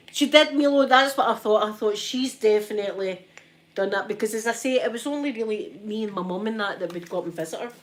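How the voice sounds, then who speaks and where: A Scottish woman telling a story to her live chat in a casual way, acting out what people said and often asking "right?". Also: mid-range voice. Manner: animated, tags lines with "right?", acts out what people said. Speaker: ASMR streamer chatting with viewers.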